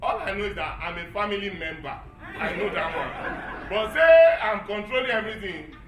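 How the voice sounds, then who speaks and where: A Nigerian man in his thirties doing stand-up comedy, animated and acting out voices as he tells a story to a live audience. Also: high-pitched, moderate pace, echoey room, background noise. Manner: animated, acts out voices with Yoruba phrases. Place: event hall before a live audience.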